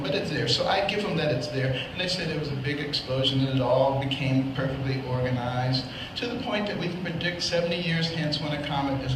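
A man giving a meandering, folksy speech, heard as a played clip. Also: a little high. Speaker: political candidate in archive clip. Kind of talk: rambling public speech. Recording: echoey noisy clip from a live event.

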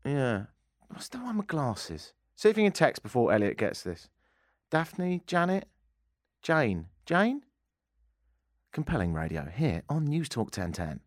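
A man's voice: mid-range voice, very animated, measured pace, no room sound. A man hosting a comedic talk radio show, telling rambling self-deprecating anecdotes on a studio mic. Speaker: radio host. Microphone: studio microphone.

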